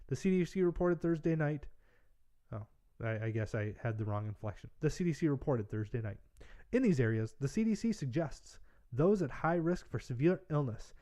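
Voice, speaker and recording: A man hosts a political livestream in a loose, casual way. He reads news aloud and breaks in with sarcastic, mocking remarks. His voice sits at an ordinary middle pitch. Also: darkish tone. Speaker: political podcast host.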